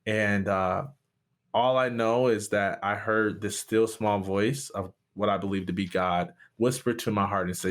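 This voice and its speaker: A man's voice: on the low side, fairly even intonation, a little slow. Impassioned man telling his story. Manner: impassioned, voice rising sharply at peaks. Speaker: guest, pastor and speaker. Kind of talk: storytelling interview.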